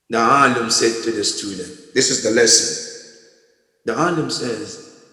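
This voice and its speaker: A man giving a storytelling sermon as a religious lecturer, moving between loud, raised passages and hushed, quiet ones. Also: medium pitch, measured pace. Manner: dramatic swings from loud to hushed. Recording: echoey hall with long reverb.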